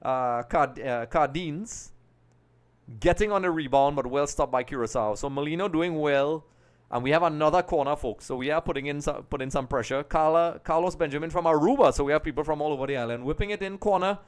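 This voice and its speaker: Young male stream host for a football watch-along; smooth, slightly high voice, casual play-by-play that surges with excitement on chances. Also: brisk. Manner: chatty, addresses viewers as folks, excited bursts at chances.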